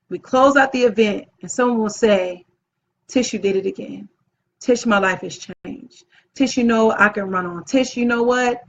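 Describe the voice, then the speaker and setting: A woman's voice: fairly high pitch, fairly bright tone, dull audio, slight background noise. A woman who plans events, giving an enthusiastic motivational talk to camera and talking with her hands. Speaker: event planner and channel host.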